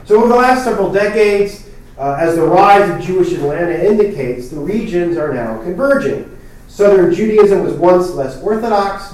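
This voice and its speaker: A man's voice: fairly high pitch, warm tone. A man giving an academic lecture from prepared text, with fillers and wry asides, recorded in a hall. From New Jersey. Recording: very echoey hall, speaker far from mic.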